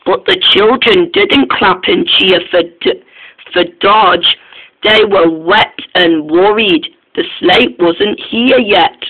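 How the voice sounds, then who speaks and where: A high-pitched man narrates a storybook tale, often halting and starting his sentences over. The recording sounds tinny, like it came through a phone.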